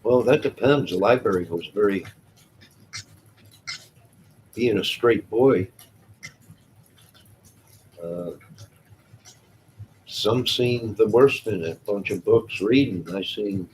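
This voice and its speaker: A man's voice: fairly low pitch, slow pace, long pauses, a little mellow, slight background noise, poor audio. A man hosting a casual live stream, reacting to his chat with jokes, exclamations and frequent laughs. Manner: joking, exclamatory, laughs often. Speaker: livestream host reading chat.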